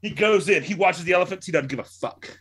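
A man's voice: high-pitched, fast talker, crowd noise. A man in casual chat, telling a long rambling joke with swearing and laughs. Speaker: podcast co-host.

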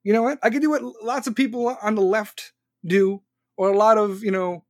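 A man's voice: sits high, steady tone, moderate pace, dry recording, clean studio sound. Sarcastic man arguing with live chat. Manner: argumentative, sarcastic, talks back to chat. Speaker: podcast host live-streaming. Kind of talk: casual live-stream commentary reading comments. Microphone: phone.

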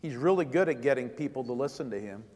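A man's voice: medium pitch, animated, fast talker, mellow, long reverb tail. A man preaching a sermon as vicar, driving points home with repeated rhetorical questions.

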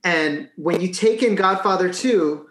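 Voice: medium pitch, a little slow, fairly bright tone. Enthusiastic gushing co-host, echoey room. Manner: enthusiastic, gushing, repeats words. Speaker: podcast co-host. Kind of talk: casual chat.

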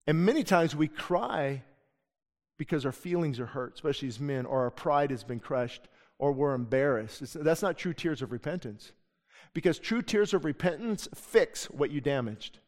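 A middle-aged man preaches in an impassioned sermon style, his voice sitting a little high for a man. He acts out the people he quotes as he goes. The sound carries a long reverb like a big church sanctuary. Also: animated, moderate pace, a little mellow. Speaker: pastor.

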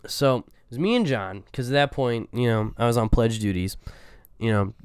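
A man's voice: medium pitch, moderate pace, smooth, no room sound, clean studio sound. A young man casually telling stories in a chat, laid-back and swearing freely. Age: young adult.

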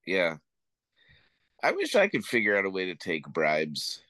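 A man in casual podcast chat, animated and sarcastic, often restarting his phrases. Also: deep voice, a little slow, no room sound.

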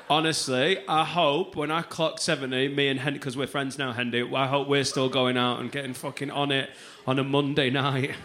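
Cheeky high-voiced man doing crowd work. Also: a little slow, noisy background. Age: 30s. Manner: loud, cheeky, swearing banter. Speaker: stand-up comedian. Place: comedy club stage before a crowd.

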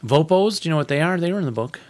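A man co-hosting a podcast, talking casually about a film, chatty and quick to laugh. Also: on the high side, animated. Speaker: podcast co-host. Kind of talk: casual chat.

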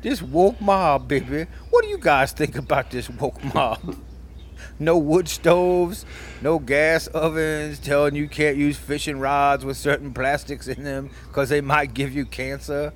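In his natural voice, a little high with a touch of hiss or hum, a male podcast co-host comically impersonates an older soul singer. Smoothly teasing, he sweet-talks and calls everyone baby, crooning it long at the end of his lines.

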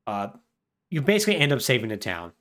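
A man's voice: medium pitch, very animated, quick pace, fairly bright tone. A man co-hosting a podcast, recapping a game plot in a chatty, wry way with lots of fillers. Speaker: podcast co-host.

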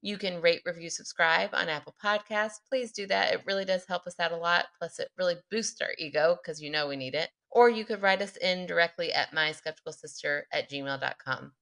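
A woman's voice: on the low side, a little fast, few pauses, a bit bright. A woman co-hosting a podcast, chatty and upbeat as she reads out show details. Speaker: podcast co-host. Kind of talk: casual chat.

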